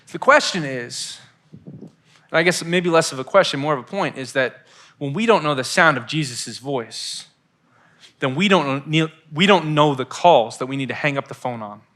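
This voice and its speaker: Youth pastor guy, bright, a bit high pitched, acts out phone calls while he preaches. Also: normal speed. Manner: animated storytelling with acted-out phone voices. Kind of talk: youth sermon.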